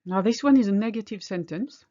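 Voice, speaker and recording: A woman's voice: medium pitch, a little fast, mellow, dull audio. A woman teaching a language lesson, patiently explaining each example step by step. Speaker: French teacher.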